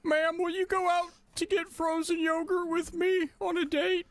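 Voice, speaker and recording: A woman's voice: very high voice, little pitch movement, normal speed. A woman voicing an awkward, lovesick young man who pleads and whines for a date. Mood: pleading. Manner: pleading, whiny.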